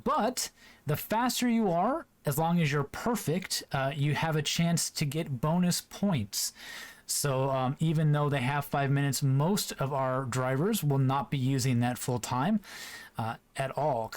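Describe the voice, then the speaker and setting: A male commentator calls an online geography game in a relaxed, chatty way, with plenty of small fillers. His voice sits a little higher than usual. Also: a little slow. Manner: easygoing, chatty, with frequent fillers. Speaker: esports commentator. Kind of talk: play-by-play commentary.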